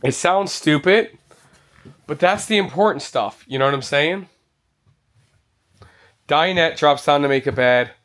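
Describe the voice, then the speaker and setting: Excitable male RV reviewer, unhurried. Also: on the high side. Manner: enthusiastic, exclaiming. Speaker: RV reviewer touring a show. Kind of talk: walkthrough vlog. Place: indoor RV show hall.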